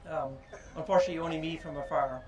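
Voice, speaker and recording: Halting, higher-voiced man. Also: fairly even intonation, rough recording. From Ireland. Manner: halting and reflective, with many pauses and fillers. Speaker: speaker at a statue unveiling. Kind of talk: informal public speech.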